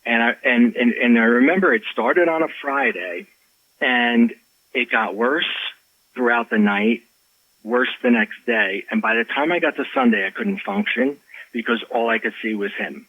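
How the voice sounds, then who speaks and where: Male author guest, husky voice, lively storyteller on dull lo-fi audio. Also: mid-range voice, moderate pace, dry recording. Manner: animated, many restarts and fillers. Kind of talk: storytelling in a podcast interview.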